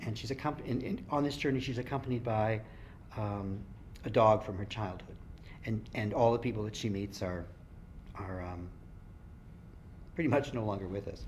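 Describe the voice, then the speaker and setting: A man's voice: medium pitch, darkish tone, slight background noise. Hesitant man introducing his novel. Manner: hesitant, lots of ums and restarts. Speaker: author. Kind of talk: author reading and talk.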